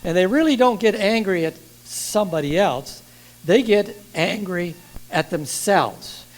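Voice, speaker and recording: An older man preaching a sermon in a church, lively and asking the congregation questions. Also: high voice, measured pace, rough recording.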